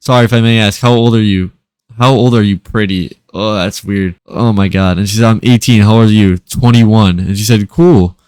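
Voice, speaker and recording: A man's voice: on the low side, steady tone, darkish tone, clear, resonant tone, dry recording, clean studio sound. A man doing casual, sarcastic commentary as he reads out and mocks text message screenshots. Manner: sarcastic, mocking, quick-talking. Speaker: reaction video creator. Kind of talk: casual commentary reading texts aloud.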